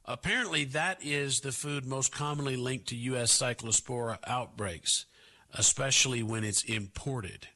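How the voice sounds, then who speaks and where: A man hosting a talk radio show, delivering sarcastic commentary with drawn-out asides. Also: mid-range voice, bright, forceful tone.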